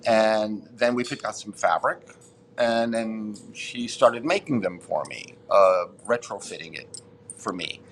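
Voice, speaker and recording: A man's voice: on the low side, a little slow, a little hiss or hum. A man in his sixties, a podcast guest, telling a rambling story with frequent swearing and restarts. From Boston, United States. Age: 60s. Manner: rambling, profane, self-interrupting. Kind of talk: casual storytelling interview.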